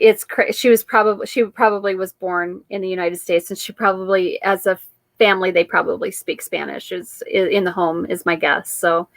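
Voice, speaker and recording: A woman's voice: mid-range voice, dry recording. A woman hosting her weekly live-stream chat, talking in a rambling, chatty way with frequent laughs.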